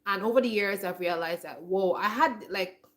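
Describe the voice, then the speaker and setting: A woman's voice: mid-range voice, moderate pace, a bit bright. A woman in her forties talking in a casual, reflective monologue, rambling and restarting her sentences often. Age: 40s. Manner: rambling, with many restarts and "like" fillers. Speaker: homestead vlogger.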